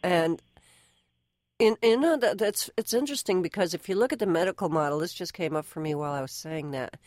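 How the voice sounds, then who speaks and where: A woman's voice: on the low side, a little fast, darkish tone, no echo, clean studio sound. A woman hosting a podcast, emphatic and opinionated, with a phlegmy throat and many restarts. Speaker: podcast host. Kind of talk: casual conversation.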